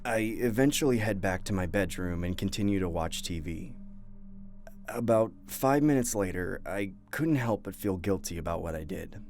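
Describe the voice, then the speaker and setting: A man narrating a first-person horror story in a measured, scripted way. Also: low-pitched, expressive, a little mellow. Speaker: narrator and voice actor.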